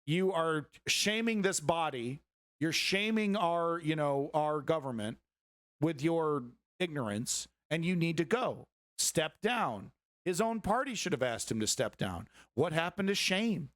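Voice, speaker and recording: A man rants about news clips in a profane, sarcastic stream commentary. His voice sits a little high for a man. The sound is dry and close, with no room around it. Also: very animated, a little slow, a bit bright, no echo. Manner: heated, swearing, sarcastic.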